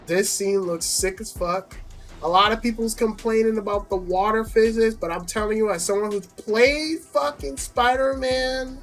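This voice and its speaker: A man reacting to a game trailer in casual, profane, excitable commentary, repeating himself. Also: high voice. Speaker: YouTube reaction host.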